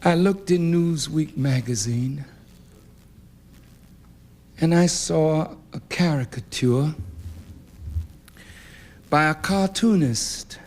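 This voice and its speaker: A man from the United States giving an impassioned award speech with a preacher-like cadence that rises to shouts. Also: fairly high pitch, slow pace, long pauses. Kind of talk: fiery public oratory. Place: banquet hall at an awards dinner.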